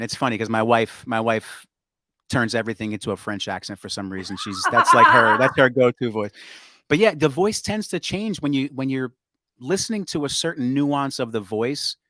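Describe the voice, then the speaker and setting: A man's voice: mid-range voice, a little fast, dry recording. Chatty man guest, dry close sound. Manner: relaxed, chatty, lots of fillers. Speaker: guest, impressionist and singer. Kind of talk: casual interview chat.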